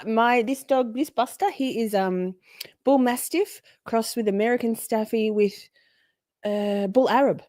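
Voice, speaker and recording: A woman's voice: medium pitch, darkish tone, dry recording, clean studio sound. A woman hosting a live stream, chatting casually, greeting viewers by name with a bubbly, sweary manner. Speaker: livestream host.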